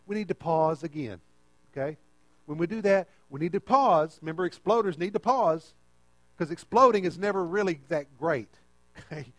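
A man's voice: a little high, moderate pace, a bit bright, no room sound. A man preaching a conversational sermon and often checking in with the listeners.

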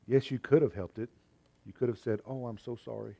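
A man's voice: mid-range voice, fairly even intonation, brisk, vocal fry, warm tone, dry recording. A man voicing a small hurt boy who shows his father a pinched finger. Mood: hushed.

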